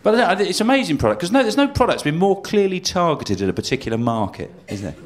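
A man doing stand-up, dry and deadpan, slipping into mocking put-on voices. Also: high voice, fast. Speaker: stand-up comedian. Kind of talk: live stand-up set. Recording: live stage recording with loud audience laughter. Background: audience laughing.

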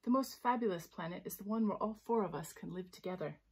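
A woman's voice: mid-range voice, quick pace, darkish tone, slightly rough. A woman voicing a proud young male unicorn who speaks earnestly and with emphasis.

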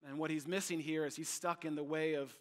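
A man preaching a sermon as pastor, emphatic and animated, repeating his points. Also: on the high side, a little fast.

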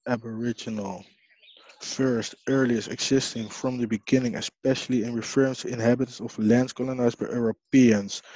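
Slow, mellow man with a rambling manner. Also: medium pitch, dry recording. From Haiti. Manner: rambling, halting, with frequent apologies. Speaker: video host. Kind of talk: casual reading of dictionary definitions. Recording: dull lo-fi sound.

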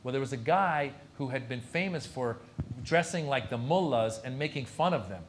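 A man's voice: medium pitch, expressive, moderate pace, slight background noise. A man, a comedian, telling anecdotes at a lecture Q&A and acting out other people's lines. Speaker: comedian guest at a university lecture. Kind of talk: storytelling anecdote in a Q&A.

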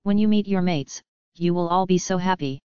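A woman's voice: lowish voice, normal speed, dark tone, clear, resonant tone, no echo, lo-fi sound, lightly acted. A woman voicing an eager, earnest young male werewolf heir in an audiobook.

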